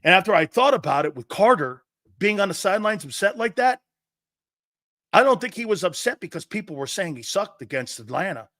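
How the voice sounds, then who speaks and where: Male sports talk host, brash and profane, fairly high voice, dry close sound. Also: sing-song, a little fast, fairly bright tone, no echo. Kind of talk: live-streamed sports talk reading viewer chats.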